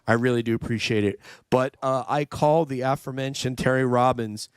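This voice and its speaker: A man's voice: mid-range voice, steady tone, fairly quick, smooth, no echo, studio quality. A man from New York hosting a casual livestream chat, thanking viewers and reading the live chat aloud. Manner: chatty, reads out live chat. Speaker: livestream host.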